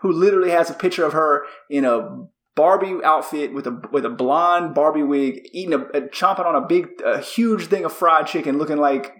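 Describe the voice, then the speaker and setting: High-voiced man ranting in an echoey room. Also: a little fast, few pauses. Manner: animated, exclaiming. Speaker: podcast co-host. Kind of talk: casual chat. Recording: roomy echo.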